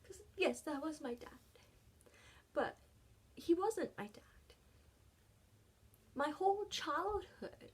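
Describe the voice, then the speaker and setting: This vlogger's voice is high and expressive as she tells her personal story without a script. The telling is halting and emotional, and she often lowers into a soft, breathy voice between pauses.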